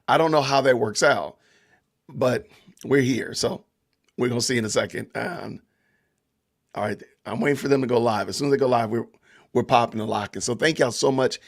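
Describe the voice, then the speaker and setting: A man's voice: mid-range voice, vocal fry. A man with a Southern Georgia accent hosting a casual livestream podcast, chatting loosely with viewers and greeting the chat. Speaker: podcast host.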